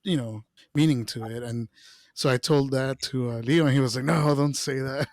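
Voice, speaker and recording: A man co-hosting a podcast in a casual, relaxed chat, laughing easily. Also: medium pitch, moderate pace, no echo, studio quality. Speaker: podcast co-host.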